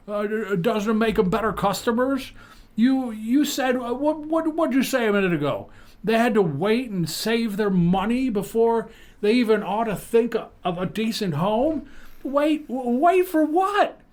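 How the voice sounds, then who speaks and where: A man's voice: sits high, voice pushed up. A podcast host putting on the voice of an earnest, defiant young man who keeps stammering and restarting, in a comic dramatic reading. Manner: stammers and restarts, pleading and indignant. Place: podcast studio.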